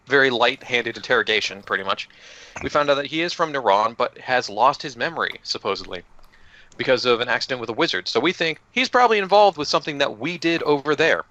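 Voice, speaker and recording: Recapping his group's previous tabletop session in a casual way, a man cracks loose jokes and swears now and then. He speaks at medium pitch with a bright, forceful tone, heard through dull lo-fi audio.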